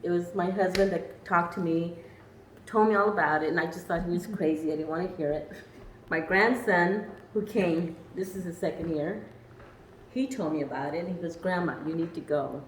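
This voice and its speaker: A woman's voice: lowish voice, moderate pace. An older woman from Arizona giving an emotional personal testimony, earnest and tearful, laughing between lines. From Arizona, USA. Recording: roomy echo from a distant mic, faint noise.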